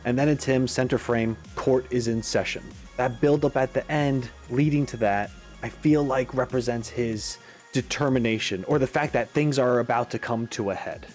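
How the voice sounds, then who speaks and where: A man's voice: mid-range voice, moderate pace. Male reaction host, mid-range voice, chatty and musing, light music underneath. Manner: animated, musing, frequent asides. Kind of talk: casual commentary.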